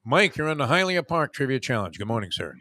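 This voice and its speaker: A man's voice: mid-range voice, sing-song, fast talker, sharp tone, soft background music. A man hosting a sports radio show, chatting loosely and running a call-in trivia game. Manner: loose, joking, filler-heavy banter. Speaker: radio host.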